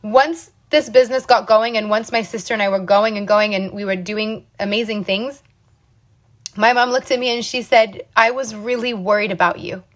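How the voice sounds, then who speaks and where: A woman's voice: mid-range voice, steady tone, normal speed. A woman in her thirties from the United States, telling her own business story to camera in an emphatic, motivational way, often checking in with "okay?". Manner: emphatic, repeats "okay?" and "you guys". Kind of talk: casual motivational talk to camera.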